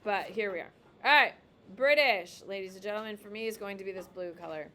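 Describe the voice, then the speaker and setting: A woman's voice: medium pitch, fairly even intonation, quick pace. A woman teacher giving a casual, emphatic classroom lecture while drawing on a map.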